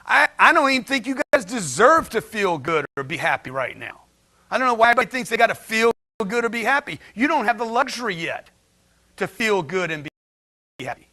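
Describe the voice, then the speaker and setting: A man's voice: high-pitched, big pitch swings, a little fast, sharp tone. A man giving a blunt, slangy motivational talk to a livestream chat, firing rhetorical questions at his audience. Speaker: motivational speaker.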